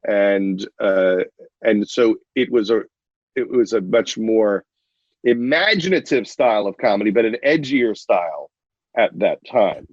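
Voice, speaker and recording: A man with a husky, slightly raspy voice, speaking as a guest in a casual chat. He works through his points in an earnest, thoughtful way. The audio is dull and lo-fi, and the sound is dry. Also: on the low side, lively intonation, measured pace, dry recording. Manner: earnest, reflective. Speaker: podcast guest. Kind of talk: casual conversation.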